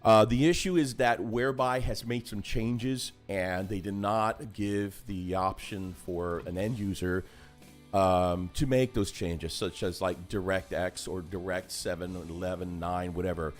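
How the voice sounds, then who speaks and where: A man's voice: measured pace, few pauses, soft background music. A man hosting a casual livestream chat, rambling and chatty, talking over a video call. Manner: rambling and chatty, animated swings in pitch. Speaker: host of a hobby livestream.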